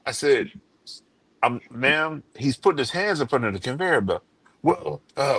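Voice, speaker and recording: A man on a live debate stream with a lively, swooping delivery, talking bluntly and cursing often. He drops into other people's voices as he tells his stories, and his pitch sits in the middle. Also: normal speed, creaky, breathy edge, no echo. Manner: blunt, profane storyteller who acts out quotes. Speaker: panelist in a live-streamed discussion. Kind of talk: casual debate chat.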